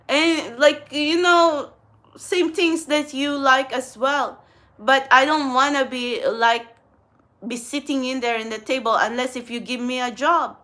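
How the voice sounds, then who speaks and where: A young adult woman who hosts a spiritual channel talks to her viewers in a casual get-ready-with-me vlog. Her voice sits high and a bit bright, and she's blunt and rambling, swearing often.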